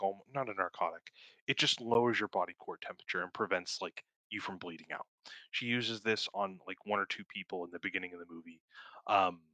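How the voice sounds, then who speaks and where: A young man co-hosting a podcast, casually reviewing a film in a rambling, profane and excited way and laughing often. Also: low-pitched, no room sound. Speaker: podcast co-host.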